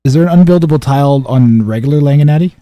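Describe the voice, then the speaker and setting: Chatty young male streamer, dark dry voice. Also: fairly high pitch, fast, no echo. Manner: rambling, chatty, many fillers and restarts. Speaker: streamer and game caster. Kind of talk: casual live-stream chat and commentary.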